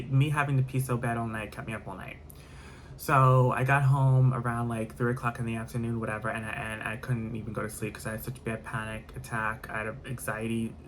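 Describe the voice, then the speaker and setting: A man recounting a story in a casual vlog, candid and rambling as he piles on the graphic details. His voice sits at an ordinary middle pitch, and a faint background noise runs underneath. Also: a bit bright.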